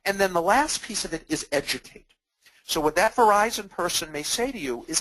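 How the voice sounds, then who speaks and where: Middle-aged male webinar presenter, lively pitch, dry close mic, plays out customer calls. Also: quick pace, dry recording, poor audio. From Massachusetts. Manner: animated, acts out customer dialogues, self-deprecating jokes. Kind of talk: webinar talk with examples.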